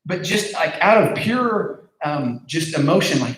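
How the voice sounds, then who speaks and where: A man's voice: a little high, expressive, a little slow, fairly bright tone. A man giving a casual youth group talk as pastor, conversational, with many fillers and repeated words. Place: large room with a group. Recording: echoey room.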